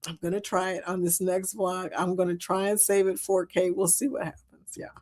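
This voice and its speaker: A woman's voice: fairly low pitch, level tone, normal speed, a little mellow. A woman hosting a casual livestream, chatty and giggly, calling her viewers y'all as she reads their comments. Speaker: livestream host. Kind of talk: casual live chat reading comments.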